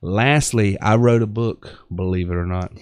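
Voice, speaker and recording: Man, Southern accent, low voice, dry close mic, rambling live-stream host. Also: normal speed, a little mellow, clean tone, no room sound. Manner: rambling, many fillers and restarts. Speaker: host of a live online business show. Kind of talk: casual live-stream chat with pitches.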